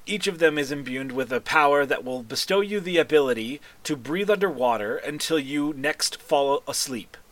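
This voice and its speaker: A man's voice: on the high side, lively intonation, fairly bright tone. Man doing a stately, courteous sea-folk envoy. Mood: gracious. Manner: slow, stately, polite speech. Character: formal courteous male Triton envoy.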